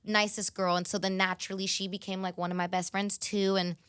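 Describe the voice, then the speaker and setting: Woman in her 30s just chatting away, lots of "like", dry studio sound, mid pitch. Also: level tone, a little fast, a bit bright, clear, resonant tone, no echo. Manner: chatty, lots of "like" and "you know", laughs often. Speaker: guest. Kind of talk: casual interview chat. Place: radio studio.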